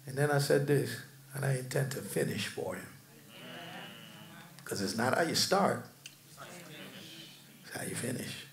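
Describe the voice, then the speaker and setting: A middle-aged American man preaching a sermon, swinging from shouted peaks to soft, low asides, with casual slang and humor. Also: lively intonation, unhurried, long pauses, roomy sound. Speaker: pastor.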